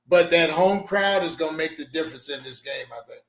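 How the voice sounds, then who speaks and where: A man's voice: a little high, fairly quick, roomy sound. A confident man on a sports podcast panel, giving brief picks. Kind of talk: casual sports podcast chat.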